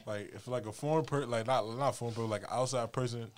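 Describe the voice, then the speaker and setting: A man's voice: mid-range voice, a little hiss or hum. A man co-hosting a casual podcast with friends, telling loose, profane stories. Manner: fast, loose storytelling with slang and profanity. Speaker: podcast co-host. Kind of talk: casual chat among friends.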